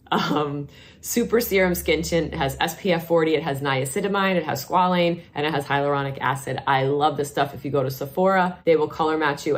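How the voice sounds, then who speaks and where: A middle-aged woman with a New York accent, chatting enthusiastically through a casual product review vlog. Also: deep voice. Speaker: vlogger, nurse.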